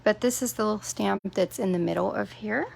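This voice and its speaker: A woman's voice: medium pitch, a little fast, vocal fry, slight background noise. A woman demonstrating a craft project on a live stream, chatting casually and answering viewers' comments by name. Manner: self-deprecating, playful asides.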